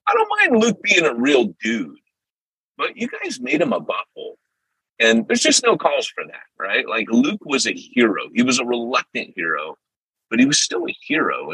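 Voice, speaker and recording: Man, podcast host, lively swooping pitch, bright husky voice, dry close sound. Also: moderate pace, no room sound, poor audio. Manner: animated, jumps into impressions and loud exclamations. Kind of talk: casual chat.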